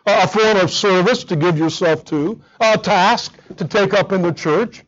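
A man's voice: sits high, moderate pace, lo-fi sound. A man preaching a sermon, earnest and emphatic, often repeating words as he drives a point home. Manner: earnest, emphatic, with frequent repetitions.

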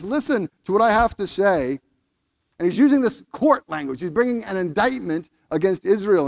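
A man's voice: sits high, no echo. A man preaching a sermon in a conversational way, stumbling over restarts and rising emphatically when he quotes scripture. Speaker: pastor.

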